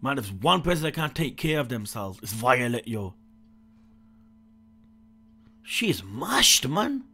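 A young man reacting live to an anime film, slangy and excitable, swinging from low mutters to loud outbursts. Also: slow pace, gravelly, husky, soft background music. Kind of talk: live watch-along reaction.

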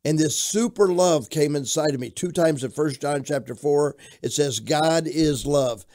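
An older pastor from Florida, telling his life story in an interview with an animated storytelling manner. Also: a little high, unhurried. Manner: animated storyteller who shouts out quoted lines.

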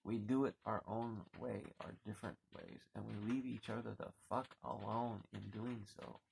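A man's voice: lowish voice, fairly even intonation, normal speed, creaky, darkish tone, a little hiss or hum, low-quality recording. A man venting in an angry, profane rant to his vlog viewers, often stumbling over and repeating his words as he gets worked up, recorded on his anchored boat. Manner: heated, swearing, repeating words when worked up. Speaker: vlogger.

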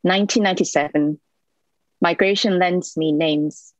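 Woman w/ local doing a poetry reading, low voice, dry close sound, lots of ums in between. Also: fairly even intonation, dry recording, poor audio. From Hong Kong. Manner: measured recital, hesitant "um" fillers when chatting. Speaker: poet. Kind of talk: poetry reading with short spoken introductions.

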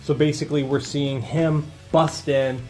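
A man's voice: on the high side, unhurried, faint music behind. Laid-back man recapping a comic. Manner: relaxed and conversational, with fillers. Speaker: comic book YouTuber. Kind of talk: casual comic book recap.

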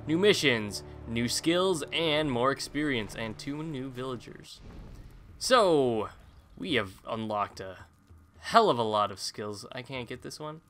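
A man's voice: medium pitch, expressive, unhurried, fairly bright tone, slight background noise. A man casually commentating his own gameplay, rambling with jokey self-mocking asides. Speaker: gaming YouTuber. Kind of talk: casual let's-play commentary.

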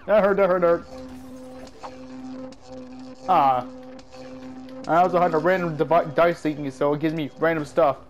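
Man, high voice, stuffy nose, yelping gameplay commentary, faint game music. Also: normal speed, long pauses. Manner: excitable, yelps and shouts at mishaps. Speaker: gaming YouTuber.

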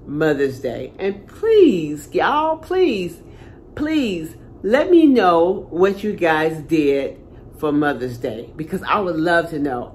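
Older woman vlogger, homey and chatty, lowish voice, talks straight to her viewers. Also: a little hiss or hum. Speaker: channel host. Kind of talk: casual talk to viewers.

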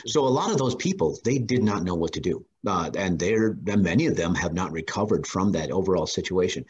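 Deep husky-voiced man, halting. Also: animated, highs cut off. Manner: hesitant, many fillers, clears throat often. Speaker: student in class discussion. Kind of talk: casual class discussion.

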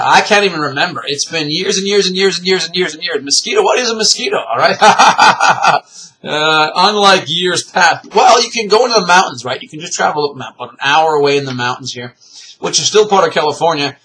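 An exuberant man rambles cheerfully through his daily home program, bursting into exclamations and laughter as he goes. His voice sits a little high and rings out sharp and forceful. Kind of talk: casual rambling monologue. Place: at home near open windows.

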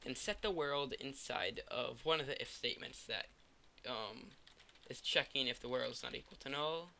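A man's voice: medium pitch, moderate pace, gravelly, pushed and bright. A tired young man narrating a coding tutorial, thinking aloud and joking at himself as he types. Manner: rambling, self-mocking, thinks aloud. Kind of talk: screen-recorded coding tutorial.

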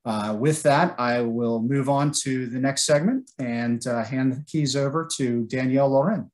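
Male sales presenter, mid-pitched, halting with lots of fillers, webinar delivery. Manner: halting, many filler words.

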